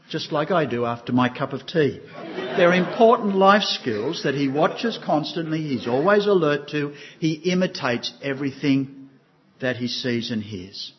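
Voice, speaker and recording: A man's voice: a little high, muffled recording. An older man preaching a sermon as pastor, earnest, often putting questions to his listeners. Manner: earnest, asks the congregation questions.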